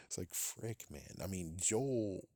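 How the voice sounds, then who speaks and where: A man's voice: deep voice, mellow, no echo, studio quality. A man hosting a podcast, ranting casually in a profane, exasperated way and laughing at his own jokes. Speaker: podcast host.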